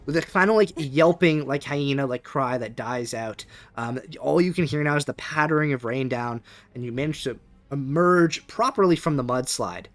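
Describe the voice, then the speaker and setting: A man's voice: mid-range voice, normal speed, soft background music. Rambling male game master. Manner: rambling with many fillers. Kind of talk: narrating a tabletop game. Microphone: webcam setup.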